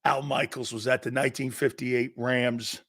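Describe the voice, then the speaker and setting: A man's voice: medium pitch, breathy edge. A man in his fifties from the northeastern United States, hosting a sports talk show in a casual, joking way and reading out viewer comments. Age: 50s. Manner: animated, joking, quick to laugh.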